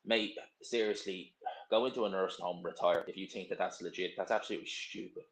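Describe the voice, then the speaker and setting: A man's voice: sits low, fairly even intonation, a little fast, roomy sound, rough recording. A young man hosting a casual live stream, reading out viewer comments and answering in a blunt, rambling, opinionated way. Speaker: livestream host.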